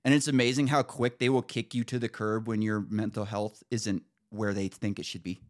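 A man hosting a podcast, casually telling an exasperated, animated story with some swearing. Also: on the low side, normal speed. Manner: animated, exasperated retelling with profanity. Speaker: podcast host.

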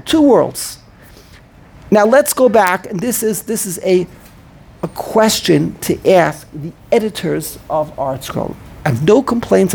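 A man teaching a student in an informal lesson. He talks in an animated way, repeats and restarts words, and slowly sounds out the words he is teaching. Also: high-pitched, vocal fry, husky. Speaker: teacher of prayer pronunciation.

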